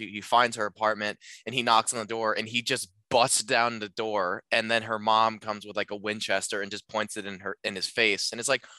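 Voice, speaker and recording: A man chats casually about a film on a podcast, rambling with plenty of filler words and performing lines in animated voices. His pitch is fairly low, and the recording has no room sound.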